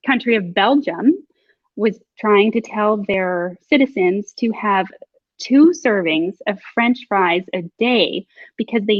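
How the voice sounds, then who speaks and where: A woman's voice: medium pitch, no room sound. A woman in casual conversation as a podcast host, chatty and reflective, laughing often. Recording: dull lo-fi sound.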